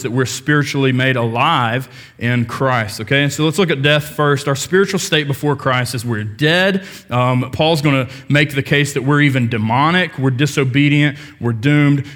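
A young adult man preaching a casual sermon as pastor, joking with the congregation and filling pauses with ums and restarts. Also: medium pitch, fairly bright tone.

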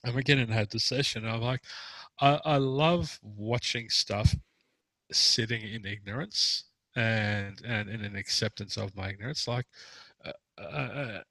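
A man with a bright, forward voice tells a meandering story in casual conversation, stopping and restarting as he goes. The sound is close and dry, with almost no room echo. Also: lowish voice, measured pace. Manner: rambling storytelling with frequent laughter and restarts. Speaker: therapist.

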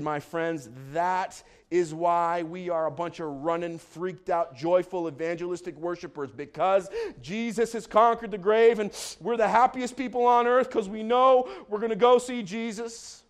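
A high-voiced man preaching with exuberant energy, breaking into shouted calls and dropping in joking asides. He sounds like a pastor delivering a lively sermon, his voice pitched noticeably above most men's. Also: moderate pace, few pauses, clear, resonant tone.

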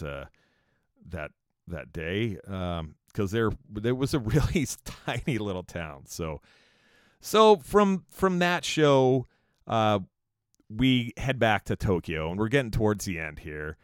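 A young man from California spins a loose, profane tour story, stumbling through plenty of fillers. His lowish voice leaps up and down animatedly as he talks. The sound is dry and close. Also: dry recording. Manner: rambling, profane, many fillers. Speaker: musician recounting a tour. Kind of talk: casual storytelling monologue.

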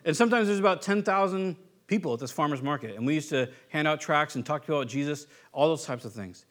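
High-voiced man giving a casual sermon. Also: expressive, fast, fairly bright tone. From California. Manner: conversational, joking, acts out quoted voices. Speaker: pastor.

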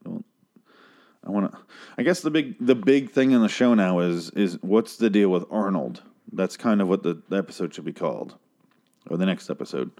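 A man with a somewhat low voice talks through a TV episode in loose, rambling recap mode. He stops and restarts his sentences and swears freely. He pops into exaggerated high-pitched impressions of the characters. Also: animated, normal speed, warm tone. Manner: rambling, profane, restarts a lot; mimics characters in a raised voice.

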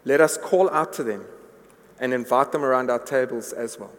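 Speaking earnestly to his congregation, this pastor delivers a sermon at a moderate pace in a medium-pitched voice. He keeps repeating words while building his argument, and the church hall's large space gives the recording a long reverb.

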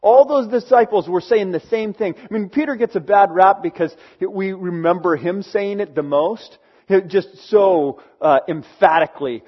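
A man's voice: high voice, moderate pace, breathy edge, dull audio. A man preaching a sermon in a conversational storytelling way, acting out the people he talks about. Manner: conversational storytelling with acted quotes.

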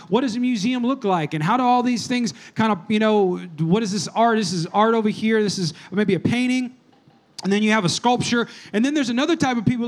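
A very high-voiced man preaches through a humorous, rambling story. He talks straight to his congregation and prods them to call back to him. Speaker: pastor. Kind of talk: sermon.

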